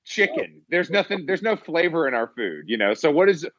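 A man's voice: fairly high pitch, very animated, brisk, a bit bright, lo-fi sound. A man co-hosting a podcast in casual chat, laughing often and stammering as he restarts. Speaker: podcast co-host.

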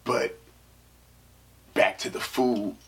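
A young man from San Francisco telling a rambling personal story in casual talk, full of filler phrases and half-whispered asides. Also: very slow. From San Francisco, USA.

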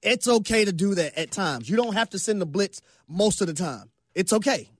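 High-voiced, emphatic sports radio man. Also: lively intonation, moderate pace, slightly rough, no room sound, studio quality. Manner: emphatic, preachy folksy sayings, repeats phrases. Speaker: radio show co-host. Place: radio studio.

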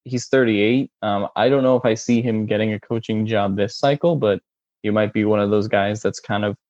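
A man talks through a casual sports discussion in stop-start phrases, padding them with fillers and restarts. His voice sits a little low. The sound is dull and muffled, with a dry, close feel and no room around it. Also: steady tone, a little mellow, no room sound. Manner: halting, many fillers and restarts.

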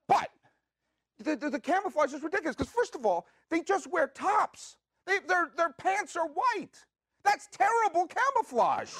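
A man hosting a podcast, delivering a comedic monologue with playful rants and questions he asks himself. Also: very high voice. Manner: animated, jokey, with playful rants and self-asked questions. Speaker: podcast host. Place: studio.

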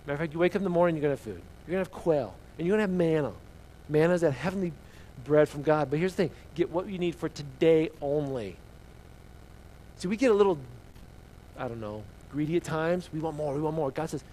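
Animated preacher man telling a story. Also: on the high side, quick pace, slight background noise, low-quality recording. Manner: animated storytelling, sharp swings from loud to hushed. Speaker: pastor. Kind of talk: sermon.

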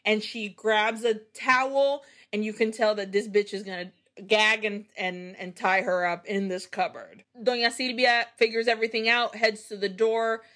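A woman co-hosting a podcast, recapping a film in casual chat, animated and profane, acting out the characters' lines. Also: mid-range voice, moderate pace, hardly any pauses. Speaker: podcast co-host.

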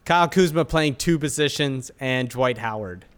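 A man's voice: medium pitch, normal speed, a bit bright, smooth. A man co-hosting a podcast, mocking a team's roster in dry, casual sports banter. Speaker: podcast co-host.

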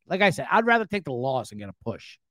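A man's voice: mid-range voice, fast talker, no room sound. A man hosting a sports-betting podcast, ranting casually and swearing freely. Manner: animated, profane, ranting. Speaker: podcast host.

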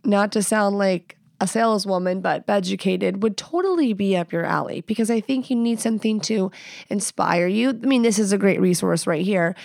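Woman, podcast host, blunt and cussing, gravelly fry, dry close sound. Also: mid-range voice, normal speed, hardly any pauses, darkish tone, no echo. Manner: blunt, profane, playful. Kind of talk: casual advice chat.

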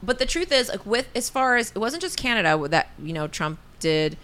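Bright-voiced woman rambling on a podcast. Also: a little high, lively intonation, a little fast, clean tone. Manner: rambling, self-deprecating, laughing often. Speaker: podcast co-host. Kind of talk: casual comedic podcast chat.

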